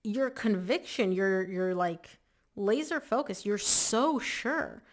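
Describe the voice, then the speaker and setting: A woman's voice: medium pitch, expressive, slow pace. A woman giving a casual, chatty tarot reading to camera, emphatic and full of "like" fillers. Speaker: tarot reader.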